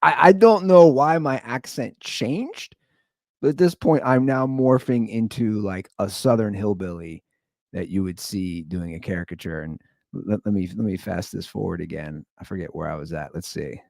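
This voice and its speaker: A man's voice: on the low side, moderate pace, vocal fry, darkish tone, no echo, studio quality. A man hosting his show, giving amused, rambling commentary on a prank call. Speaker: show host. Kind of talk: casual commentary.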